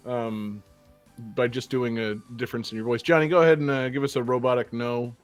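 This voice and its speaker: A man's voice: mid-range voice, fairly even intonation, moderate pace, clear, resonant tone, no echo. A young man hosts a casual gaming podcast with an upbeat, rambling delivery full of "uh"s. His voice sits close and dry on the studio mic. Faint music plays underneath. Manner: rambling, upbeat, many fillers. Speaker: podcast host. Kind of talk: casual chat.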